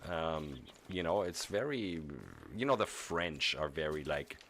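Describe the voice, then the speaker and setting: A man's voice: low-pitched, expressive, a little slow, a bit bright, slight background noise. A man from Germany chatting casually while streaming a video game, rambling with chuckles and frequent restarts. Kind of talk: casual gaming stream commentary.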